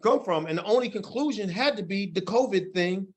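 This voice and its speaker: Animated high-voiced man leading a workshop. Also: a little fast. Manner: animated, folksy, encouraging. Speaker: workshop facilitator. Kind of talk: presenting an online workforce training session.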